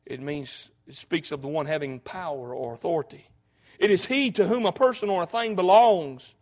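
A man preaching a sermon, fervent and folksy, often breaking in with "hey". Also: fairly high pitch.

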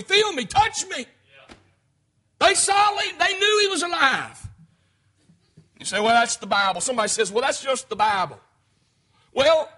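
A man's voice: extremely high pitch, pushed and bright. A man preaching a fervent sermon and speaking directly to his congregation.

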